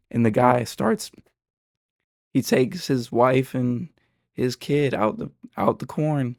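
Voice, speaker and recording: Young man, very gravelly voice, lively pitch, excitable slangy storytelling, dry close sound. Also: unhurried, dry recording. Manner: excitable, slangy, animated retelling. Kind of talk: casual storytelling.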